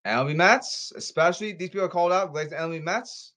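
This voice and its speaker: A man's voice: high voice, quick pace, hardly any pauses, pushed and bright. A man delivering an angry, repetitive rant, scolding and demanding, often stumbling over his words.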